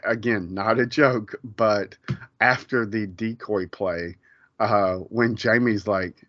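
Low-voiced man chatting on a podcast. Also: fairly even intonation, takes it slowly, fairly bright tone, no echo. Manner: rambling, chuckling as he recounts scenes. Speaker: podcast co-host. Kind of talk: casual chat. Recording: slightly dull, dry podcast audio.

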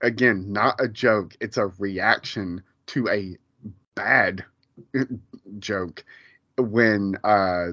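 A man's voice: on the low side, very slow, pushed and bright, no room sound. A man co-hosting a podcast in casual chat, rambling and chuckling as he recounts scenes. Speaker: podcast co-host. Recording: slightly dull, dry podcast audio.

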